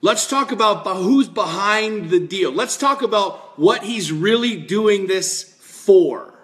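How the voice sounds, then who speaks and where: A man's voice: high-pitched, animated, slow. A man giving a fired-up political monologue, emphatic and repetitive, with lots of swearing. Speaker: political commentator.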